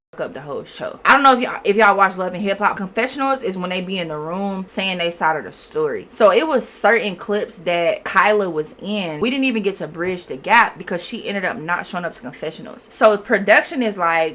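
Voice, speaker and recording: A woman's voice: mid-range voice, fairly quick, hardly any pauses. Slangy young woman telling a story. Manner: slangy, animated, talks to viewers. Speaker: vlogger. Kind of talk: casual storytime.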